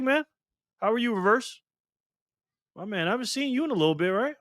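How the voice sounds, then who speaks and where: A man's voice: extremely high pitch, lively intonation, brisk, a bit bright, dry recording, clean studio sound. A man hosting a live stream alone at a microphone, upbeat in casual chat, greeting viewers by name and calling them brother and man. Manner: calls people brother and man.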